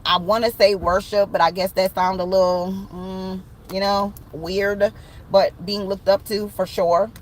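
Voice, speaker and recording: A woman giving a casual tarot reading, animated and slangy, swearing and laughing often. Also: medium pitch, low-quality recording. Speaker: tarot reader.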